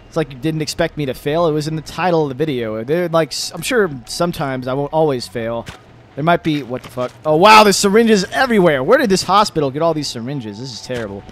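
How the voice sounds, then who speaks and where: A young man casually commenting on his own gameplay, often frustrated and swearing, with a slightly phlegmy voice and sudden yells and laughs. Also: mid-range voice. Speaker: gaming video host. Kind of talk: casual let's-play commentary.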